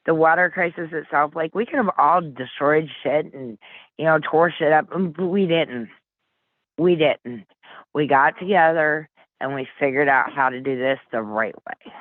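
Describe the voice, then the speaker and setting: A woman's voice: low voice, a little slow, no room sound. A woman guest telling her story over the phone, blunt and earnest, swearing casually. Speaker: interview guest. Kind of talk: emotional personal storytelling. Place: Flint, Michigan. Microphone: phone call. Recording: tinny phone line.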